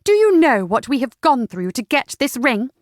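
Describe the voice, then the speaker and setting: Brief: woman reading a feisty young lady, raised pitch, loud and huffy, dry read. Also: lively intonation, moderate pace, no echo. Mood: defiant. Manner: high, shrill, huffy. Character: spirited young lady, bold and excitable.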